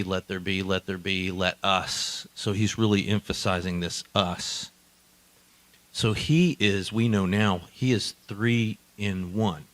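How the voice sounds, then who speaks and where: A man preaching a sermon, swinging between quiet asides and loud emphatic declarations. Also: lowish voice, poor audio. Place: church hall.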